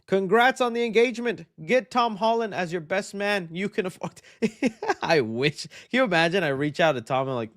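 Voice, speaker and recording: A young man hosting a live stream, reading viewer questions out loud and answering them in a chatty, upbeat way. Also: high voice, expressive, moderate pace. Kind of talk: casual live-stream chat.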